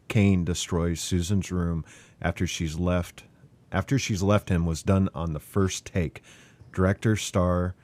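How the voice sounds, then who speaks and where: Deep-voiced man hosting a film podcast. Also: warm tone. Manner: easygoing, runs the votes, reads out fun facts. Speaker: podcast host and moderator. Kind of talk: casual film discussion.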